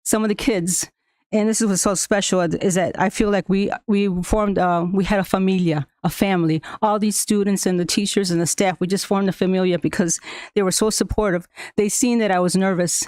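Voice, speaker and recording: A woman's voice: mid-range voice, steady tone, brisk, a little mellow, dry recording, clean studio sound. A woman whose first language is Spanish, a school staff member telling the board a personal story, with many fillers and restarts and frequent laughs. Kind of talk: personal account at a public meeting.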